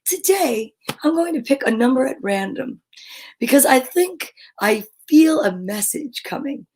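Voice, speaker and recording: A woman's voice: sits high, big pitch swings, measured pace, a little mellow, breathy edge, low-quality recording. A middle-aged woman with a New Jersey accent hosting a cheerful kids' show in a playful, sing-song way. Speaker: children's show host. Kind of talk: cheerful live-stream chat for kids.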